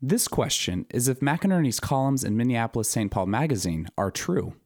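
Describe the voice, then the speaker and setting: A man moderating a live event, reading audience questions aloud in a measured way. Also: medium pitch, lively intonation, a little mellow, dry recording, studio quality.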